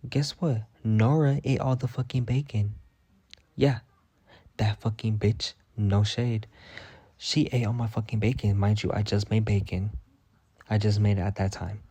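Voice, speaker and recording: A man's voice: lowish voice, a little slow, breathy edge, dry recording. A young man telling stories in a casual vlog rant, profane and dramatic. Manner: profane, dramatic, animated retelling. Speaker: vlogger.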